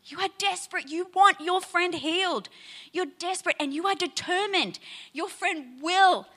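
A woman delivers a sermon, animatedly retelling a Bible story and often checking in with her listeners by asking "right?". Her voice is very high-pitched and her pace is moderate.

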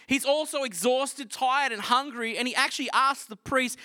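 A man preaching a sermon, retelling scripture in a casual, animated storytelling way. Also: extremely high pitch, normal speed, no room sound, clean studio sound.

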